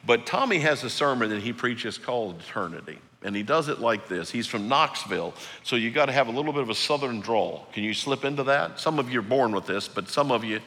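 A man preaching a sermon in a church, swinging between loud emphatic highs and hushed low passages. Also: expressive, brisk, few pauses, in a large hall. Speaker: pastor. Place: church sanctuary.

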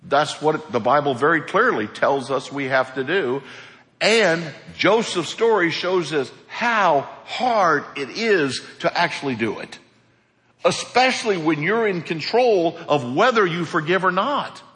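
A male pastor delivers a sermon to his congregation. He is animated and slips into the voices of people in his stories. His voice rings out with a long reverb in a church hall. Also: on the high side, unhurried.

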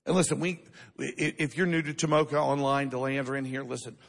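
A man's voice: mid-range voice, fairly even intonation, a little fast, vocal fry, long reverb tail. A man pastor preaching a sermon to a church congregation, emphatic and asking the crowd questions for responses. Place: church sanctuary.

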